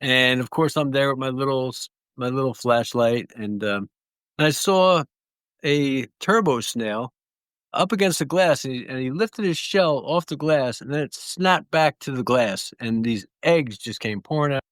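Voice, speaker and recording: A man's voice: mid-range voice, a little slow, a bit bright, smooth, no echo. A man telling stories in an interview, rambling through anecdotes with small restarts. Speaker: guest clownfish breeder. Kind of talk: relaxed storytelling.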